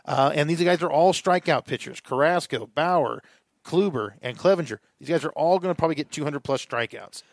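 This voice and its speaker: A man's voice: a little high, a little fast, vocal fry, dry recording. A man co-hosting a podcast, giving opinionated views in casual chat and thinking aloud. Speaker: podcast co-host. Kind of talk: casual fantasy baseball chat.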